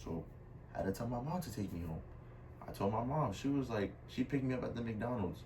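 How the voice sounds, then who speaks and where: A young man tells a storytime casually, his voice medium in pitch, expressive, slightly quick and a bit mellow. He's slangy, dropping "bro" and "I was like" constantly. The mic sits somewhat far off, picking up faint room noise.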